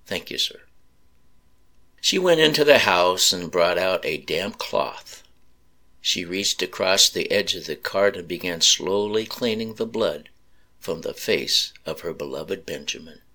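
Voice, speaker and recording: A man slowly narrating a sad story in a solemn reading voice. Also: sits low, pushed and bright.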